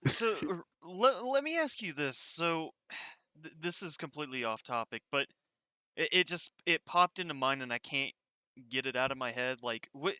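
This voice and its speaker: A man's voice: a little high, normal speed, smooth. A young man in casual podcast chat, stammering and restarting as he talks. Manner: stammering, animated asker. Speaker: podcast co-host.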